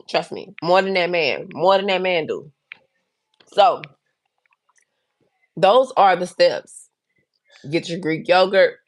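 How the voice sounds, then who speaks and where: A deep-voiced woman, recorded dry, hosts a livestream full of candid advice and storytelling. She talks straight to her viewers in a blunt, frank, chatty manner, drawing on her own life.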